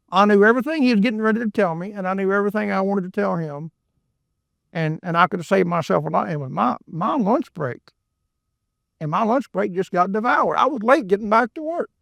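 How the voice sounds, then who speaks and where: A man's voice: high-pitched, creaky, fairly bright tone, no echo, clean studio sound. A man teaching a Bible book verse by verse in a folksy, rambling way, often repeating words and adding asides. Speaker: preacher.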